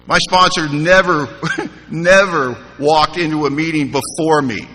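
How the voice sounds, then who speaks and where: A man telling his personal recovery story to a live audience, humorous and animated, with quoted dialogue. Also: fairly high pitch, measured pace, slight background noise. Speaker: recovery meeting speaker. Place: large conference hall. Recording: live hall recording with reverb.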